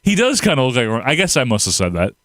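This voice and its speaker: Rambling through viewer comments on his casual livestream, this host laughs often and breaks into animated outbursts. He speaks quickly in a medium pitch, on a dry recording.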